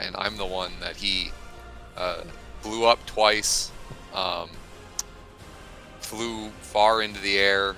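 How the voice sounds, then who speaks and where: A man playing a tabletop game, talking hesitantly with many pauses and laughs. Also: sits low, sharp tone. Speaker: player. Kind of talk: casual tabletop play.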